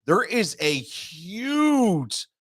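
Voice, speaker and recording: A man's voice: high voice, very animated, extremely slow, fairly bright tone, husky, no echo, clean studio sound. A man hosting a sports talk show, ranting in an exasperated monologue full of repetition and stammering restarts.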